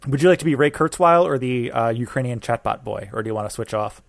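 A man's voice: medium pitch, lively intonation, fast, gravelly, dry recording, studio quality. A man co-hosting a podcast in playful, casual chat. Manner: playful, jokey. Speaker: podcast co-host.

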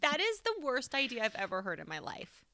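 A woman's voice: fairly high pitch, huge pitch swings, brisk, pushed and bright, no echo, clean studio sound. A woman co-hosting a podcast, chatting casually and bluntly, with a bit of swearing. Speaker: podcast co-host. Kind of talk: casual chat.

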